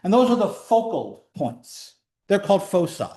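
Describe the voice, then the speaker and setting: A man teaching a calculus class, explaining in a chatty way with joking asides, sometimes drawing words out and sometimes rushing. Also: high-pitched, very animated, dark tone. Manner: pace swings between slow emphasis and quick runs. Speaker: math instructor. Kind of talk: classroom lecture.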